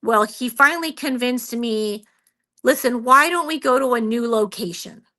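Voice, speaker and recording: A woman with a bright, tense, fairly high voice tells a frightening story from her own life. She talks earnestly and a bit shaken, with lots of fillers, and keeps acting out what she said and thought. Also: normal speed. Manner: earnest, shaken, many fillers and quoted self-talk. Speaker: guest, Bigfoot researcher. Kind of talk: telling a personal story in a radio interview.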